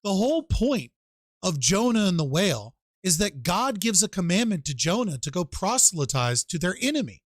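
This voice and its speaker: Animated, profane man hosting a debate panel. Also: high-pitched, normal speed, no echo. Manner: profane, animated storytelling with mock-quoted voices. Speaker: show host.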